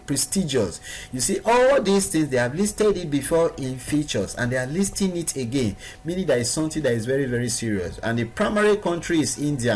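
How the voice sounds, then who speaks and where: A man's voice: medium pitch, darkish tone, slight background noise. A man giving a recorded training lesson to his students, stressing points by repeating words. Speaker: online business trainer.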